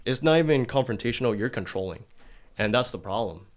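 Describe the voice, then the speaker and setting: A man's voice: mid-range voice, animated, brisk. A young adult man hosting a podcast, talking bluntly and swearing often in a casual debate. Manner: blunt and profane, acts out quoted people in a raised voice. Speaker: podcast host.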